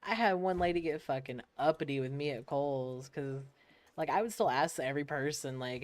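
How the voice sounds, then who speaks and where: A woman's voice: low voice, moderate pace, dry recording. A young woman from the United States, streaming a game and casually telling stories, laughing and swearing as she acts out other people. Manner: laid-back, swears freely, laughs often, acts out quoted people. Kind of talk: casual storytelling while gaming.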